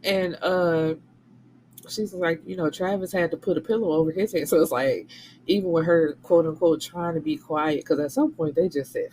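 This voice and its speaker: A woman with a fairly low voice talks through a novel she has read, casual and blunt, cursing freely. She jumps into the voices of the people she quotes as she goes. A faint hiss sits under her voice. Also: poor audio. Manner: animated, blunt and profane, slipping into quoted voices. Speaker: book reviewer and channel host. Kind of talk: casual book recap.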